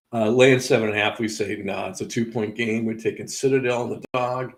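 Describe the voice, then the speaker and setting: A man's voice: on the low side, steady tone, normal speed, rough recording. A man hosting a live sports betting show, casually running through game results with wry asides and laughing at his own missed picks.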